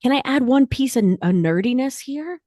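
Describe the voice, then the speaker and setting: A woman speaking as a podcast guest in an animated, emphatic way, using casual slang. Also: high voice, moderate pace, dry recording, studio quality. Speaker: guest, nurse practitioner and author. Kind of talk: podcast interview talk.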